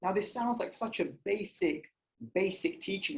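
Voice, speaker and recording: A man's voice: high-pitched, moderate pace, rough recording. A man leading a spiritual discussion session in a casual, conversational way, with many fillers and frequent questions to his audience in the room and online. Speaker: spiritual society session leader.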